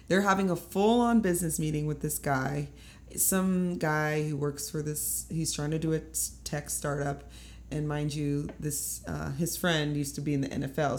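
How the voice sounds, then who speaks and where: A woman's voice: low-pitched, a little hiss or hum. A young woman telling a dating story in casual chat, acting out the lines of the people in it. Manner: animated storytelling, acts out quoted lines. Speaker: storyteller guest.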